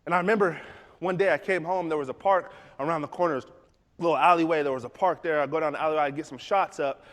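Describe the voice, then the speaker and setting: A man giving a storytelling motivational talk, animated and acting out dialogue. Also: a little high, quick pace. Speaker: motivational speaker. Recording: long hall reverb.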